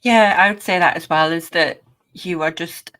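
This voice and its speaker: A woman's voice: fairly low pitch, normal speed, fairly bright tone. A woman hosting a podcast, chatting in an encouraging way and giggling between questions. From North East England. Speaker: podcast host. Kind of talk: casual chat.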